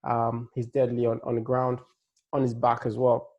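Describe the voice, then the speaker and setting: A man's voice: medium pitch, monotone, moderate pace, a little mellow, muffled recording. A man giving a laid-back, rambling breakdown of upcoming fights, with a slight Nigerian-tinged accent and plenty of fillers and restarts. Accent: Nigerian-tinged English. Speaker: MMA fight analyst. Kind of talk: casual fight-prediction breakdown.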